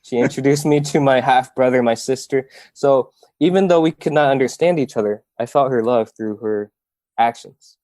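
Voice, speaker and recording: A man's voice: mid-range voice, moderate pace, a little mellow, no room sound. A young man from Iowa telling his story as an interview guest, earnest and heartfelt, with many fillers and restarts.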